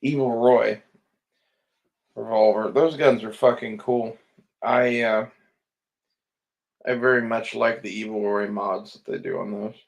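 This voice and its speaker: A man with a low voice full of gravelly fry drifts through casual commentary. He sounds sleepy and unhurried, swears freely and trails off into fillers as he browses. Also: steady tone. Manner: laid-back, swears often, trails off with fillers. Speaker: gun vlogger browsing listings.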